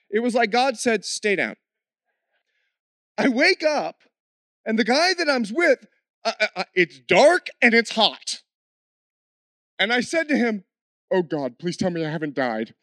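A man, a missionary, tells his story in an animated way with frequent laughs, then slows into an earnest prayer. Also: very high-pitched, dry recording, clean studio sound. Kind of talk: testimony story ending in prayer.

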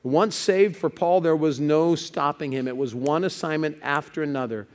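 A man's voice: a little high, moderate pace, big-room sound. A male pastor preaching a sermon, telling stories with building urgency.

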